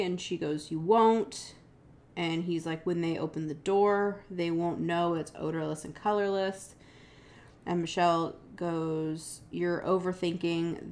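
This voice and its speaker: A woman co-hosting a podcast, casually retelling a true-crime case and reading out text messages, with lots of "like" and "um" fillers. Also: on the low side. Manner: chatty, many "like" and "um" fillers, quotes texts with "she goes". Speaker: podcast co-host.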